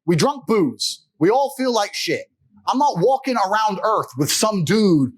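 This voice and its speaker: A man's voice: high-pitched, sing-song, unhurried. A man in a podcast chat, telling boastful stories in a brash, profane way and laughing often. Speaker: podcast guest. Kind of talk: casual storytelling chat.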